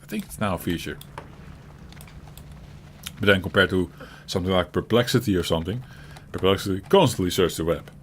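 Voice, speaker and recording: A man's voice: deep voice, a little fast, long pauses, fairly bright tone. A man with a Dutch accent chatting casually as a show co-host, rambling and chuckling often, with many restarts and some swearing. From Netherlands. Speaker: co-host of a gaming chat show. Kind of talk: casual chat. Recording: audible typing and background noise.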